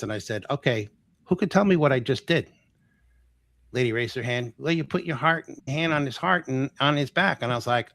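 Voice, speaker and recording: Male guest storyteller, animated, plays the quoted lines, dry close sound. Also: mid-range voice, no echo. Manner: animated, acts out quoted dialogue. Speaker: guest healer. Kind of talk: casual storytelling.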